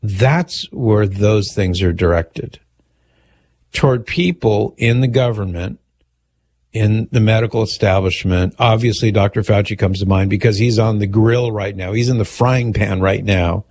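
A man with a fairly low voice hosts a talk radio show. He reads listener emails aloud and answers them in an easygoing, measured manner, chuckling now and then. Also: darkish tone.

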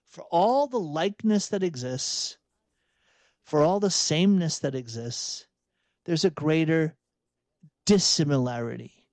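A man's voice: mid-range voice, darkish tone, no echo. A middle-aged man from outside Boston, reflecting aloud in an earnest, searching way with frequent restarts, as a podcast host. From outside Boston, USA. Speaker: podcast host, Catholic coach. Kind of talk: reflective spoken monologue.

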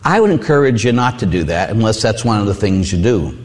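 A male priest giving a sermon with personal stories, an animated storyteller who acts out voices. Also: lowish voice, fairly quick. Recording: long hall reverb.

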